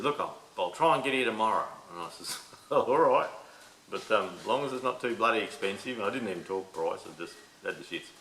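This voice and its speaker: A man's voice: sits low, bright, forceful tone, reverberant, slight background noise, low-quality recording. A middle-aged Australian man telling a rambling, laid-back story in casual chat, swearing now and then. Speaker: podcast host. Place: shed.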